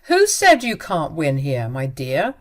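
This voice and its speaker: A woman voicing an older father-in-law in a story, reassuring and steady in how he speaks. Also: sits low, slow, voice pushed down, exaggerated voice. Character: kindly older father-in-law, protective and firm.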